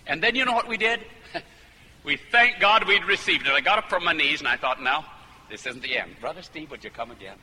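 Guy preaching in a church hall, bright tense voice, long reverb, little hiss. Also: fairly high pitch, animated, fairly quick. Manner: fervent, rising to emphatic climaxes. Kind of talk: sermon. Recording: hall reverb with faint noise.

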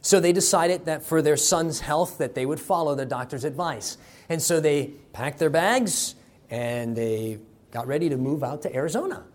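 A man's voice: a little high, moderate pace. Male preacher telling a sermon story. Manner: dramatic, varies loudness for effect.

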